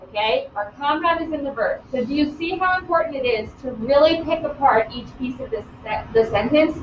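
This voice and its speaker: A woman teaching grammar in a live online class, lively and playful, calling on students by name. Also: high-pitched, fairly quick, noisy background. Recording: roomy, distant, dull sound.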